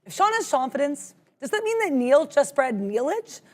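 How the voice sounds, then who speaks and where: A woman's voice: high voice, big pitch swings. A woman co-hosting a live trading show, chatty and bubbly, fond of puns, reading chat and giving market commentary. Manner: bubbly, talks fast, loves puns. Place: studio with green screen.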